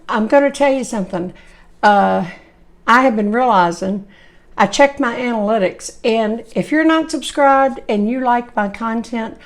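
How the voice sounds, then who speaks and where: A woman, chatty and folksy, hosting a home cooking video while hoarse, her voice coming and going. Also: fairly high pitch. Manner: chatty, folksy, rambling asides. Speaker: cooking channel host. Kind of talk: casual cooking demonstration.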